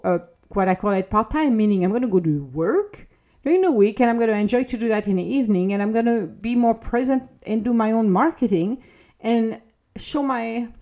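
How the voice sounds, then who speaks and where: Woman motivational speaker, mellow earnest delivery, non-native English, encouraging and direct. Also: a little high. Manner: earnest, encouraging, acts out little quoted dialogues. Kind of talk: motivational monologue.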